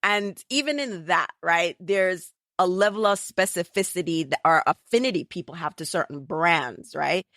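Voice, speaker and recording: Jamaican female podcast host, lowish voice, dry close sound, chatty storyteller with patois. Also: normal speed, few pauses, no echo. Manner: lively storyteller slipping into patois. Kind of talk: casual conversational interview.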